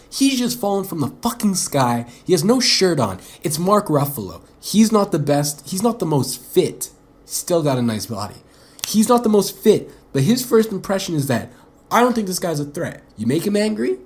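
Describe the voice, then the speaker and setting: Rambling, foul-mouthed young man podcasting. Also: medium pitch. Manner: rambling, profane, off-the-cuff. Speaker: podcast host. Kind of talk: casual solo podcast monologue.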